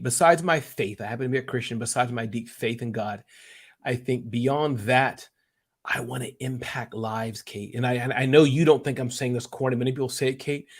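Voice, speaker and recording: A man chats as an interview guest. He rambles and gets emotional as he goes, and his voice stays animated throughout. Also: mid-range voice, breathy edge. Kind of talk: casual interview chat.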